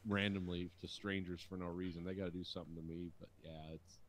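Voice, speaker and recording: A man's voice: level tone, fast, slight background noise. A man in his thirties co-hosting a podcast, telling stories in crude casual chat with frequent laughter. He swears freely and keeps slipping into mocking impressions of other people. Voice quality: profane, laughs often, mimics people in high voices. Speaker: podcast co-host.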